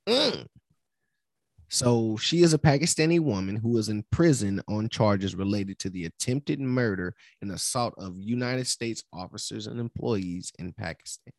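A man's voice: fairly low pitch, dry recording, clean studio sound. A man co-hosting a podcast, reading a news story aloud and often stumbling over words and correcting himself. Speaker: podcast co-host.

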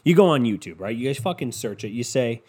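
A man's voice: medium pitch, expressive, fast talker, darkish tone, breathy edge. A young man hosting his own podcast, telling stories in a casual, rambling, crude comedic way full of swearing. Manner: profane, rambling, crude humor. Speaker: podcast host.

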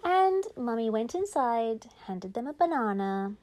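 Woman telling a bedtime story. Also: fairly high pitch. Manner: lively, drops to whispers, drawn-out words.

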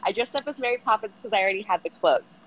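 A woman's voice: medium pitch, expressive, fast, a bit bright, dull audio. A woman in her late twenties from Southern California, chatting as an interview guest, bubbly, laughing often, saying "like" a lot. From San Fernando Valley, California. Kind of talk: casual interview chat.

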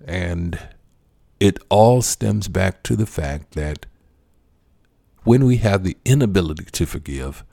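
A man preaching a sermon, addressing listeners as friends and repeating key lines slowly for emphasis. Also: low voice, creaky, dark tone, dry recording, clean studio sound.

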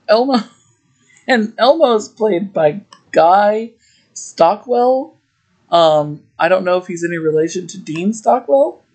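Slow, laughing podcast host. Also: medium pitch. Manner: laughs often while retelling; chatty, with frequent fillers. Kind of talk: casual episode recap.

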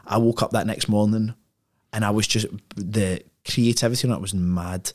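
A man's voice: fairly low pitch, steady tone, normal speed. A man, a podcast guest telling a story in a casual, slangy way, full of "like" and "right?".

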